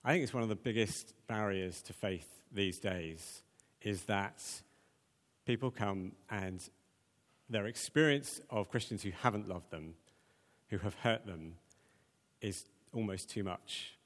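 A man's voice: lowish voice, unhurried, a bit bright. A man preaching a conversational sermon, with plenty of ums and repeated words. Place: church. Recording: long church hall reverb.

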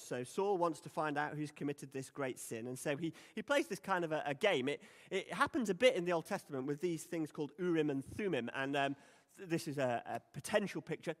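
A man preaching a sermon in a conversational, emphatic way. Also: on the high side. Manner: conversational, emphatic, acts out quoted lines. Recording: long hall reverb.

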